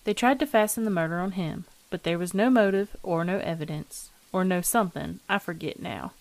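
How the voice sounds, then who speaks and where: A woman voicing a sly old landlady who talks in a slow, metallic, folksy drawl, coolly unbothered. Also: fairly low pitch, no room sound, close to an everyday voice. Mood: gossipy.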